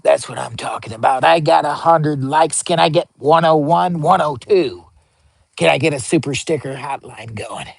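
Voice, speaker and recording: A goofy man talking on a live stream, joking and getting worked up as he hypes his viewers. His voice sits a little high with a gravelly edge. The sound is dry and close, with no room echo. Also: moderate pace. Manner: joking, hyped, begs for likes, bursts of excitement. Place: outdoor campsite by a pellet stove.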